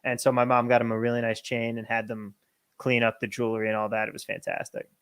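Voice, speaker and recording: A man from New Jersey with a New Jersey accent, co-hosting a casual livestream and telling stories in a joking, animated way. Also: mid-range voice, fast, clear, resonant tone. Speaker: co-host.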